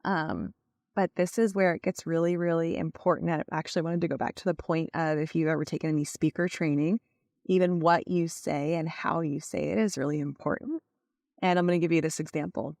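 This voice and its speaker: Podcast host, woman, lowish voice, coaching delivery, dry close sound. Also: fairly quick, creaky, a little mellow, dry recording. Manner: coaching tone, asks listeners to check understanding; uses many "like" fillers. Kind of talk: solo podcast teaching.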